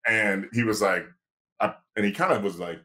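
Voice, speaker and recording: On a podcast, a man who works as a sports agent and lawyer tells a story in a casual, animated way, acting out the quoted dialogue. His voice sits on the low side and he speaks at a moderate pace.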